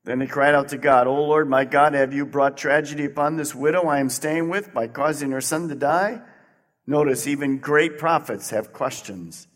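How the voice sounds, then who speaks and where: A man preaching a sermon as pastor, swinging between loud emphatic peaks and quiet, low passages. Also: moderate pace. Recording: long hall reverb.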